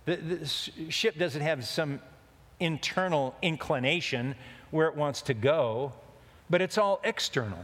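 With a fairly bright, somewhat high and animated voice, a man preaches at a measured pace, relating a rambling, joke-filled anecdote in folksy style. His sermon rings with long hall reverb.

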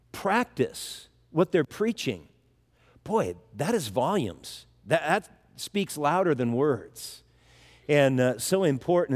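Conversational preacher in a reverberant hall. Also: male voice, a little high, darkish tone. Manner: conversational preaching, acts out quoted voices. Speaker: pastor. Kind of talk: sermon, verse-by-verse Bible teaching.

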